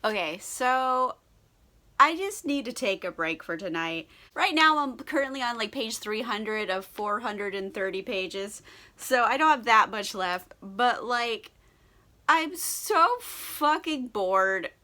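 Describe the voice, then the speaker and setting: A woman's voice: a little high, lively intonation, takes it slowly, sharp tone. A young woman in a casual book vlog, tipsy, sarcastic and swearing freely as she rants about a novel. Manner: sarcastic, profane and giggly. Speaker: book vlogger. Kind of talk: casual book review chat.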